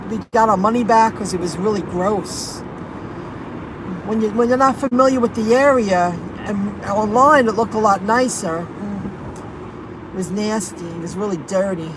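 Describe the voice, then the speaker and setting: A woman rideshare driver chatting casually to her viewers, telling an indignant story and reading out their comments. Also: mid-range voice. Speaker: rideshare and delivery driver vlogger. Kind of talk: casual venting chat to viewers. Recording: noisy car and street background.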